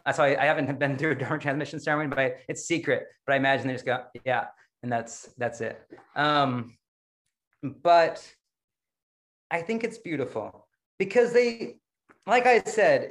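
A man with a fairly high voice gives a relaxed dharma talk as a Zen practice leader. He talks in a chatty, self-deprecating way and laughs often as he tells his story to an online group.

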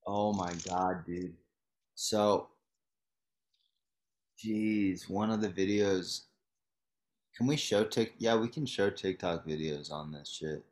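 A young man with a lowish voice in a loose podcast conversation. He rambles, leans on fillers and keeps laughing through his own points. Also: takes it slowly, pauses often. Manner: rambling, laughs while talking, frequent fillers. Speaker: podcast co-host. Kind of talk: casual chat.

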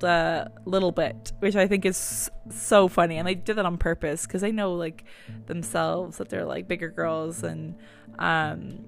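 A young woman rambles through podcast updates in a casual, chatty way, her voice low-set with a gravelly fry at the ends of phrases. A little music sits faintly underneath. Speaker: podcast host. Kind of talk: casual chat. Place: at home.

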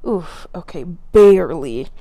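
A woman's voice: lowish voice, slow, gravelly, dry recording. A woman hosting her own solo podcast, ranting casually with lots of swearing and frequent laughs. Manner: profane, animated, laughs often. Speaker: podcast host.

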